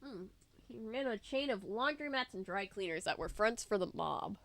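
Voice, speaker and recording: A woman's voice: mid-range voice, animated, moderate pace, fairly bright tone. A woman hosting a let's play, chatting casually and thinking aloud while coughing from allergies. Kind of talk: casual gameplay commentary.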